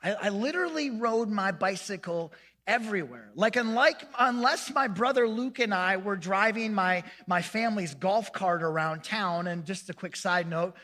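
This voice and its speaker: A man preaching a sermon as pastor, telling a self-mocking story in an animated way and acting out the lines of the people in it. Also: high-pitched, normal speed, in a large hall. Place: church sanctuary.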